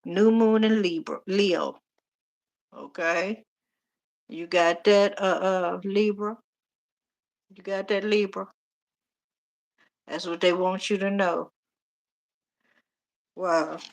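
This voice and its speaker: A woman's voice: medium pitch, steady tone, slow pace, gravelly, pauses often. Chatty middle-aged woman doing a tarot stream, talks right to the viewers. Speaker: tarot reader. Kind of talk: casual live-stream tarot reading.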